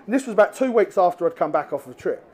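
A man telling animated, laughing stories as a guest angler at a live talk on stage. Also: sits high, quick pace.

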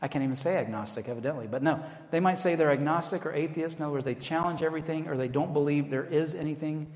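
American pastor preaching in an echoey hall. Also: male voice, a little high, fast, a little mellow. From United States. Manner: conversational, with self-deprecating asides. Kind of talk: sermon. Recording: echoey hall, long reverb.

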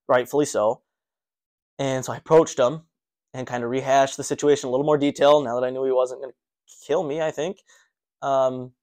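Man animatedly recounting a running story. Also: mid-range voice. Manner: animated, breathless recounting with restarts. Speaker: runner telling his own story. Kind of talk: casual personal storytelling.

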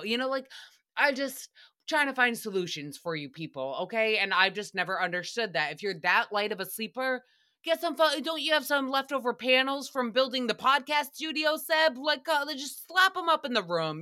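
Sassy, bright-voiced woman podcaster. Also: fairly high pitch. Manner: sassy, chatty, swears freely, acts out quotes with mocking voices. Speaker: podcast host recapping another show. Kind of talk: casual solo podcast commentary.

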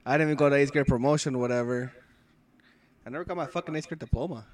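A man's voice: mid-range voice, fast. A young man co-hosting a podcast, talking in blunt, profane, casual banter. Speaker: podcast co-host. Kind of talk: casual chat.

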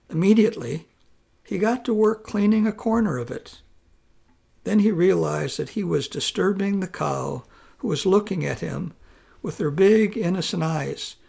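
Gravelly-voiced male storyteller. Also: sits high, a little mellow. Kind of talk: storytelling narration.

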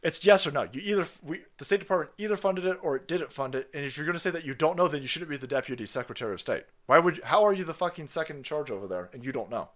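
A man's voice: on the high side, expressive, racing, few pauses, fairly bright tone. A man hosting a stream, ranting in angry, swearing, mocking commentary on a played clip. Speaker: stream host.

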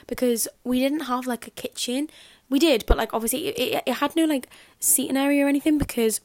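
Young scouse girl podcasting, lots of likes and ums, bit high voice, dead dry sound. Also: a little fast, no room sound. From Liverpool area. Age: young adult. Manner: rambling, filler-heavy, chatty. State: dry throat. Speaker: podcast host. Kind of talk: casual chat.

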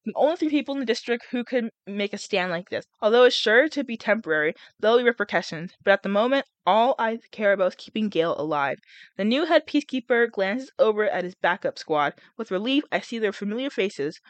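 A woman's voice: medium pitch, lively intonation, brisk, no echo. A young woman reading a novel aloud and breaking off to chat and react, with laughs and groans between passages. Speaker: reader and vlogger.

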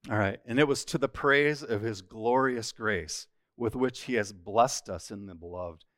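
A man teaching scripture at a church study, reading a passage aloud and then explaining it in earnest, plain words. His voice sits fairly low. The sound is dry and close, with no room echo. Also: a little slow, fairly bright tone. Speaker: Bible teacher.

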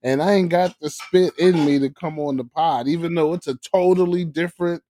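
A man's voice: on the high side, fairly even intonation, a little fast, dark tone, a little hiss or hum. A man co-hosting a podcast, telling joking, profane stories in casual chat. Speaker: podcast co-host.

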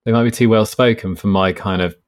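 A man, an author guest explaining his work in a relaxed, storytelling way. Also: fairly low pitch, brisk. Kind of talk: casual conversational interview.

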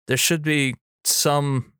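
A man co-hosting a podcast in casual chat, thoughtful and measured, with lots of fillers. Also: fairly high pitch, fairly even intonation, a bit bright, clear, resonant tone, dry recording, clean studio sound. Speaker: podcast co-host.

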